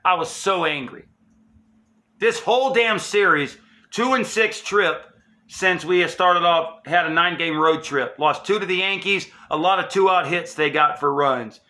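High-pitched man ranting angrily. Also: measured pace, bright, forceful tone. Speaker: sports channel host. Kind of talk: angry fan rant.

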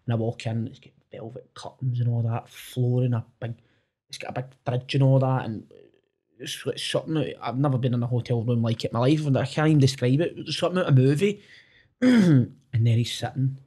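A man's voice: mid-range voice, fairly quick, dark tone, husky. A young man in his twenties with a Glaswegian accent, telling stories in casual chat, swearing freely and acting out what people said. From Scotland. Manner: swears freely, acts out quotes, keeps asking "do you know what I mean". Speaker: podcast guest, singer.

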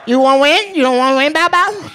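A man's voice: very high voice, quick pace, pushed and bright, slight background noise, voice pushed up. A man putting on a giddy, squealing card dealer. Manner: broken English, giddy, squealing with glee. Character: excitable chatty male casino card dealer.

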